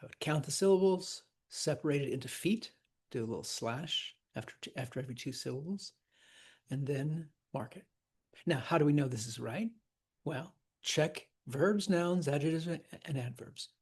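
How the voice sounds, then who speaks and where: A man's voice: on the high side, normal speed, darkish tone, slightly rough. A man teaching a lesson on verse scansion, chatty and demonstrative, sounding out rhythms aloud.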